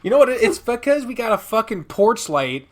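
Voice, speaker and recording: A man's voice: extremely high pitch, very animated, normal speed. A young man hosting an online interview podcast over a video call, laid-back, swearing freely and laughing easily. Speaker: podcast host.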